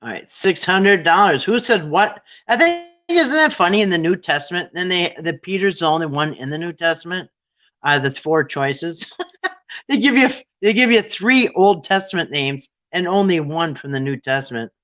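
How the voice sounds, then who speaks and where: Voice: medium pitch, expressive, normal speed, a bit bright, muffled recording. A quiz game host in casual, playful chat, with irreverent, sarcastic asides.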